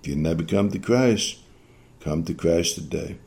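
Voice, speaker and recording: A man's voice: low voice, moderate pace, creaky, darkish tone. A man preaching a sermon, earnest and exhorting, often repeating phrases for emphasis.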